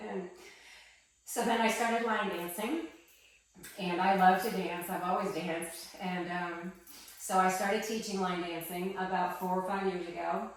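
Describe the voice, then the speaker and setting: A woman giving an emotional personal testimony, talking in a soft, halting way with many pauses and restarts in her small wooden chapel. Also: fairly low pitch, steady tone. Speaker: interviewee. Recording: echoey room from some distance.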